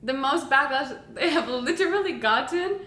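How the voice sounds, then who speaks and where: A young woman co-hosting a podcast, talking excitedly and casually with lots of fillers. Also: sits high, normal speed. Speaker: podcast co-host. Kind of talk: casual chat. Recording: echoey room with faint noise.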